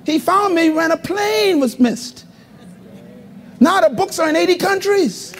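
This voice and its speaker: A man preaching a live sermon as pastor to a congregation, calling for responses and swinging between loud high exclamations and low murmurs. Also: animated, unhurried, a little hiss or hum. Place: church hall before a congregation. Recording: live recording with long hall reverb.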